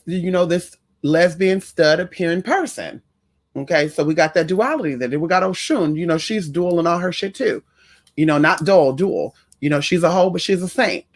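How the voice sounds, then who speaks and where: Sassy, campy man chatting on a livestream. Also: on the high side. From Puerto Rican family in the US. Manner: sassy, profane, campy, greets viewers in chat. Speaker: livestream host and spiritual reader. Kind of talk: casual livestream chat.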